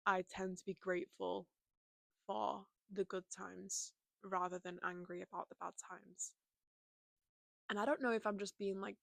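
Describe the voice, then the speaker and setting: A woman's voice: mid-range voice, creaky, sharp tone, dry recording. A young woman chatting casually and openly to camera from her bedroom, full of "like" and "you know". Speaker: vlogger. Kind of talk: casual confessional chat.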